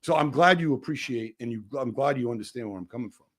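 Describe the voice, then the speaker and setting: A man's voice: medium pitch, quick pace. A man in his fifties, a guest on a casual podcast, telling personal stories with big swings in his voice. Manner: animated storytelling, voice rising and dropping sharply.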